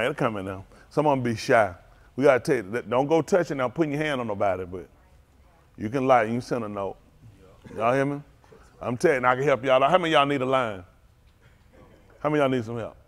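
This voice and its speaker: A man preaching as a pastor, talking loosely and teasing his congregation in slang. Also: mid-range voice. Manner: playful, teasing, drawling street slang. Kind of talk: loose joking sermon talk to a congregation.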